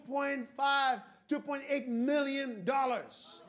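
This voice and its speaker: High-voiced, gravelly fervent male preacher. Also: unhurried. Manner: exhorting, often shouting, repeating "come on". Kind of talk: fervent sermon with call-and-response. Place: church with a congregation. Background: faint congregation.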